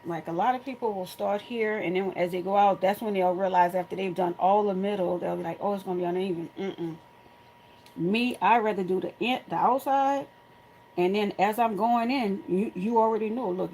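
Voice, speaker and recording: A middle-aged woman hosting a crafting tutorial from home, chatting casually and telling animated stories to her viewers while she works. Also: mid-range voice, a little hiss or hum, poor audio.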